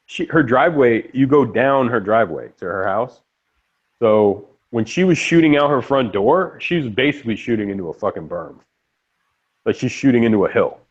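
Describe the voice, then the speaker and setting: A young man in casual online voice chat, telling stories in an animated, profane way. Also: fairly low pitch, breathy edge, highs cut off. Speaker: lobby chat regular.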